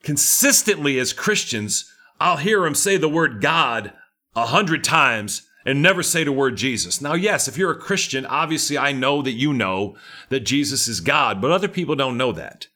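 A man's voice: medium pitch, animated, normal speed, sharp tone. A middle-aged man preaching a sermon, fervent and emphatic, with lots of repetition.

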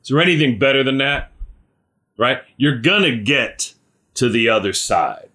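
A man's voice: medium pitch, lively intonation, normal speed, sharp tone. A man preaching a conversational sermon, often asking "right?" and calling on listeners by name.

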